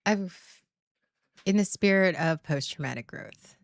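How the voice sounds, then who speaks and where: A woman's voice: on the low side, animated, a little slow, creaky, dry recording. Brief: frank woman in her thirties, casual stream talk, swears freely, dry close sound. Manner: candid, profane, laughing often. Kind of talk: casual livestream monologue.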